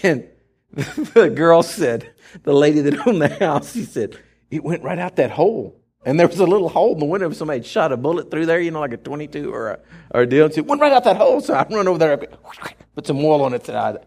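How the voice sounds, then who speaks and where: Man, preacher, high and lively voice, dramatic storyteller. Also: quick pace. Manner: animated, dramatic, laughs while telling. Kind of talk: storytelling sermon. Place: church.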